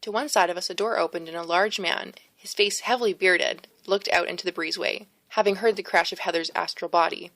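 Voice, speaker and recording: A woman reading a first-person novel aloud as an audiobook narrator, steady and expressive, close to the mic. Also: on the low side, a little fast, few pauses, no echo. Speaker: audiobook reader.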